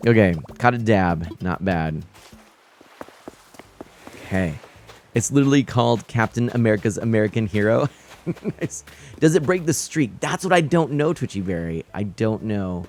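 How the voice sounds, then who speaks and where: A man streaming a fishing game, chatting with viewers and reading out their messages with quick laughs. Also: on the low side, slight background noise. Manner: chatty, reads out chat and greets viewers, nervous excited laughs. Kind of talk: live gameplay commentary.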